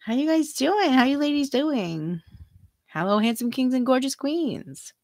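A woman's voice: sits high, expressive, a little slow, darkish tone, no room sound, clean studio sound. A middle-aged woman hosting a free tarot reading livestream, chatting casually, giggling often and reading viewer comments aloud.

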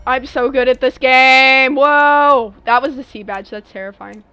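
A woman's voice: high-pitched, steady tone, a little slow, hardly any pauses, sharp tone, clear, resonant tone, soft background music. A young woman streaming a game live, chatting playfully with her viewers while she plays. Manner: playful, chatty, talks to chat. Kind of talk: live gameplay commentary.

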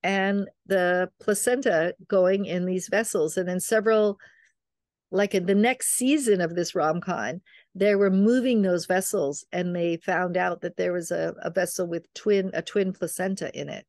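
An older woman, a midwife and author, rambles chattily through family tales as a guest, performing her relatives' quoted words in a casual storytelling conversation. Her voice is on the low side, a little mellow and a touch slow, captured as clean studio sound with no room sound.

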